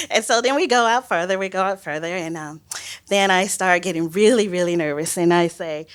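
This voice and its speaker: A woman biologist telling a personal story on stage, animated and self-mocking, laughing often. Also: mid-range voice, moderate pace, clean tone.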